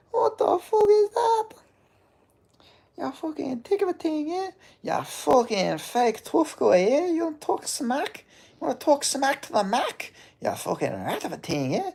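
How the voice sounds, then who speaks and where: A man voicing a brash, furious fighter with an Irish accent, snarling insults in a high, strained voice. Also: big pitch swings, a little slow, creaky, heavily acted. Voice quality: shouting, snarling.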